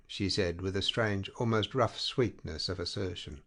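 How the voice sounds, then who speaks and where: A man narrates a literary short story in a measured, deliberate reading. His voice sits somewhat low. The delivery is steady, with unhurried phrasing.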